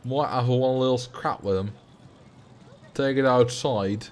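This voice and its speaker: A streamer playing a cocky British bloke, using mock slang and picking fights. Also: male voice, medium pitch, measured pace, natural voice. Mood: belligerent.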